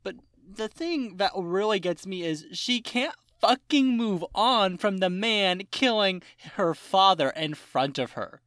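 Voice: mid-range voice, takes it slowly, no room sound, studio quality. A podcast co-host in casual chat, ranting with lots of swearing and mock-quoting characters in exaggerated voices. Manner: animated ranting with profanity and mock quotes.

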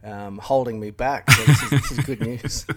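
A man with an Australian accent, a guest on a remote call, chatting casually with laughs and halting restarts. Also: medium pitch, background noise. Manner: laughs often, self-deprecating, halting restarts. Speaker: guest, YouTube channel creator. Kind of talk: casual interview over a call.

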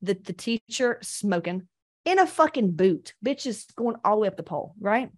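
A woman coaching on weight loss in a blunt, profane, animated motivational talk. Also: medium pitch, normal speed.

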